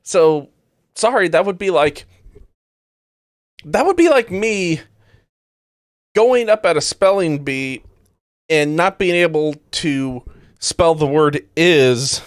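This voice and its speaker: A man's voice: fairly high pitch, slow pace, pauses often, clean tone, no echo, studio quality. A man hosting a podcast who reacts to news clips bluntly and sarcastically, swearing often. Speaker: podcast host. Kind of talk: casual commentary on news clips.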